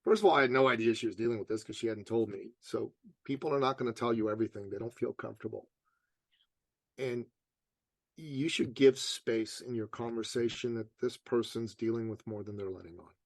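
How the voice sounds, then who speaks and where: A man's voice: medium pitch, a little fast, creaky, no echo. A man being interviewed as a motivational coach, telling stories casually and acting out what people said. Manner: animated storyteller, acts out quotes.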